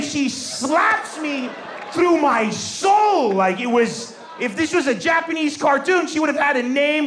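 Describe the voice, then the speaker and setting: High-voiced man doing lively stand-up. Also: unhurried. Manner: animated, acts out voices, laughing, shouting punchlines. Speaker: stand-up comedian. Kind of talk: stand-up comedy storytelling. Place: stage before a live audience. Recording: roomy venue with faint crowd and noise.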